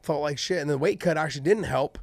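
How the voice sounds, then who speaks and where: A man in casual chat, telling fight stories with animated energy and freely swearing. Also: fairly high pitch, fast, no echo. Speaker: podcast co-host and former fighter.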